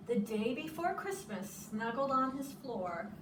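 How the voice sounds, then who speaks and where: Woman preschool teacher reading aloud; slow, slightly high voice, far from the mic, noisy echoey take. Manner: slow and expressive, explains words to children. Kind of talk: reading a picture book aloud to children. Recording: echoey room, from a distance, noisy.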